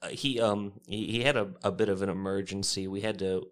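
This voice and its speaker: A man's voice: on the low side, fairly even intonation, a little fast. A man playing a tabletop game who speaks hesitantly and stammers often. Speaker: player. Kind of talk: tabletop game role-play.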